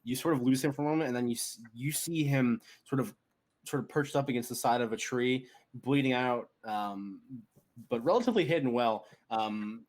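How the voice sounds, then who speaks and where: A man narrating a tabletop game as game master, animated and laughing often as he describes the action. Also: medium pitch, moderate pace.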